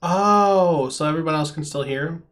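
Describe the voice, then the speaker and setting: A man's voice: on the high side, normal speed, fairly bright tone. A man acting as game master, narrating a tabletop game over voice chat with frequent ums and restarts.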